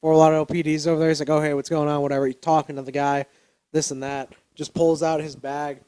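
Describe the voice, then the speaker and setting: Male podcast co-host, slightly higher voice, casual rambling storyteller, loose and profane. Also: level tone, fast talker, warm tone, clear, resonant tone. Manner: rambling, laughing, fillers and profanity.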